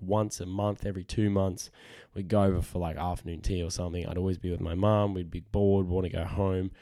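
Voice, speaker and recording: A young man hosting a casual solo podcast, husky from a cold, earnest and rambling, often repeating words. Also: sits low, mellow, no echo, studio quality. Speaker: podcast host. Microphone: studio podcast microphone.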